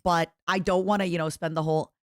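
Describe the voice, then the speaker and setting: A young woman streaming casually from home, gushing and quick to laugh as she reacts to videos and chats with her viewers. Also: on the low side, fairly even intonation, no echo, studio quality.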